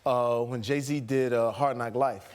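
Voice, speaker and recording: A man's voice: mid-range voice, fairly even intonation, measured pace. Easygoing male actor telling stories. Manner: easygoing, rambling with fillers. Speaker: actor guest. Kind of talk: chat show anecdote. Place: TV studio.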